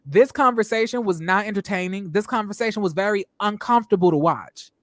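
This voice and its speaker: A man hosting a casual review show, talking in an animated, emphatic way and acting out what people on the show said. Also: high voice, a little fast, no echo, clean studio sound. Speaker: show host reviewing reality TV. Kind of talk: casual commentary.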